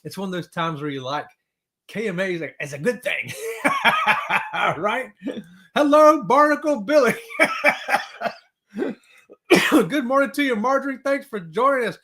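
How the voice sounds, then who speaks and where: A man chats on his livestream at home, greeting viewers one after another. His voice sits high and swings widely in pitch, with frequent whoops and easy laughter. He sounds excitable and drawls casually. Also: a little slow, long pauses. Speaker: livestream host.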